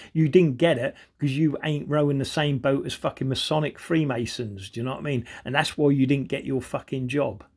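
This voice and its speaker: A man's voice: medium pitch, darkish tone. A man delivering an angry, sweary monologue, constantly asking "do you know what I mean". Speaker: video commentator. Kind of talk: ranting monologue.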